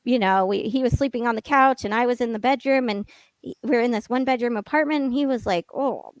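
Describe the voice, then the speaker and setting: A woman's voice: on the high side, quick pace, no echo. A woman guest on a podcast, candidly telling a personal story and acting out what was said. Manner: candid, storytelling, quotes people in dialogue.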